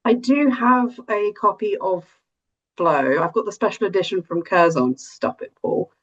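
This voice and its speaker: A woman's voice: medium pitch, expressive, normal speed. Woman, bubbly, self-correcting, muffled lo-fi sound. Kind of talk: casual film review chat.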